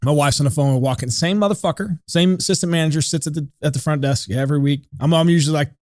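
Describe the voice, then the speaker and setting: Casting: man, rapid-fire heated storyteller, slightly high voice, dry close mic. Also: a little mellow, no room sound. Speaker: podcast co-host. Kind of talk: animated storytelling.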